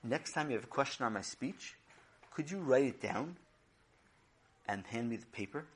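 A man voicing a calm, patient community rabbi who speaks slowly and evenly. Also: mid-range voice, a little hiss or hum, close to an everyday voice. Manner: measured, patient, slow.

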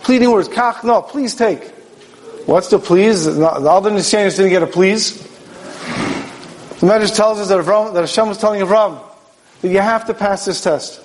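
A man's voice: high voice, moderate pace, poor audio. A man, a rabbi, giving a Torah sermon in a storytelling manner, asking questions and acting out dialogue.

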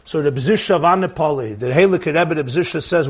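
A rabbi, a man with a notably high-pitched voice, lectures in sermon style. He tells stories with animation and acts out the characters' dialogue as he goes. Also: brisk, breathy edge. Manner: animated storyteller, acting out quoted dialogue.

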